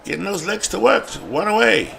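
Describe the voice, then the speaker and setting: A man with a London accent doing play-by-play commentary on a replayed baseball game, building to excited calls on big hits. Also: sits high, moderate pace, creaky, slight background noise. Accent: London English. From England.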